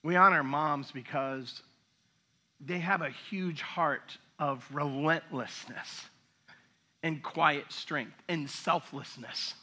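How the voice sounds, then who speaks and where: A man's voice: fairly high pitch, slow pace, bright, forceful tone. A middle-aged male pastor giving a sermon, telling stories in a chatty way with acted asides. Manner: conversational storytelling with acted asides.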